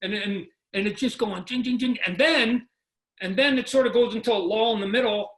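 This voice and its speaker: A man's voice: high voice, fairly quick, a bit bright. A man, a comic book creator, telling stories as a podcast guest over a video call, animatedly acting out quotes and sound effects. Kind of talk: casual podcast conversation. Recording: roomy video call audio.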